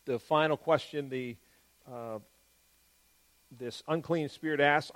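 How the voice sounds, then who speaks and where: A man giving an explanatory Bible teaching, stressing key words and moving between quick and drawn-out phrasing. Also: on the high side, fairly even intonation, fairly bright tone.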